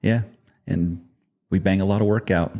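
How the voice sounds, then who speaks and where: A middle-aged man speaks in an interview with a deep, mellow voice. He talks in a relaxed, plainspoken way and plays down his own success. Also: moderate pace. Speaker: podcast guest, business founder. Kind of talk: conversational interview.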